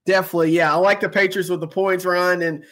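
A man's voice: high-pitched, flat delivery, fast, a bit bright. A man co-hosting a casual sports podcast, joking around with frequent restarts. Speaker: podcast co-host.

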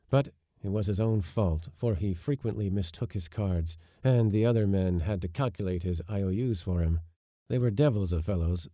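A man with a low, mellow voice reads a literary short story aloud, measured and steady, with brighter lifts at the lively moments. The sound is close and dry, with no room around it. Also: no room sound. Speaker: narrator. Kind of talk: scripted audiobook narration.

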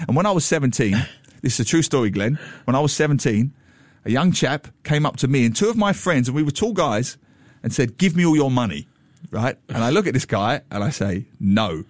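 A man tells a story with lively, swooping intonation and bursts of laughter. The sound is dry and close, with no room around it. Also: medium pitch, brisk, no room sound. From England. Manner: animated anecdote-telling with frequent laughs. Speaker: author guest. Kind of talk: storytelling in a radio chat.

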